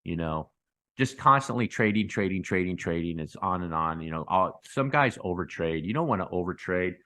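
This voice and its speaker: Host type: low-voiced man, chatty chart rundown, rambling, prone to excited outbursts. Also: moderate pace. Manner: rambling, repetitive, addresses viewers as guys; excitable bursts with sound effects. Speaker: crypto channel host. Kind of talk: casual chart commentary.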